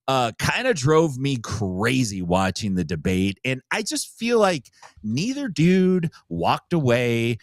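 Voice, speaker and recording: A man's voice: medium pitch, dry recording. A man co-hosting a casual podcast, blunt and mocking, laughing often. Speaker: podcast co-host.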